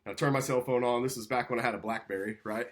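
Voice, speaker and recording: Man, podcast guest, casual, animated storyteller who acts out dialogue. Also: medium pitch, racing. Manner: animated storyteller, acting out quotes, frequent "right?" and "like".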